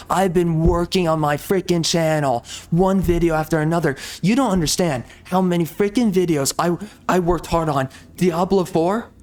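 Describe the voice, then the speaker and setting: A man ranting angrily and repeating himself while commenting over gameplay in a video. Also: on the high side. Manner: angry, repetitive, exasperated ranting. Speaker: gaming video creator.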